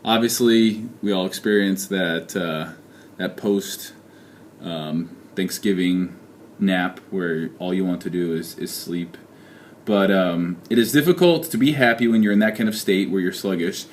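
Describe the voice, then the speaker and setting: A man's voice: sits low, unhurried, a little hiss or hum. Joking young man rambling on camera. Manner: joking, rambling, self-mocking. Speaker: fitness vlogger. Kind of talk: casual video diary. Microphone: handheld camera.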